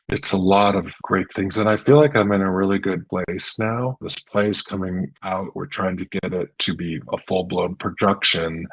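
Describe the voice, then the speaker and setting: A man's voice: sits low, gravelly, fairly bright tone, breathy edge, dry recording, low-quality recording. A middle-aged man talking earnestly in an interview, telling his story with many restarts. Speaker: interview guest. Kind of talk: casual interview chat.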